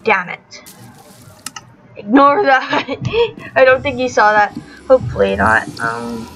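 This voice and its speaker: A woman's voice: a little high, a bit bright, lo-fi sound, slight background noise. A young woman hosting a gaming channel, giving live gameplay commentary, often frustrated, swearing, and laughing at herself.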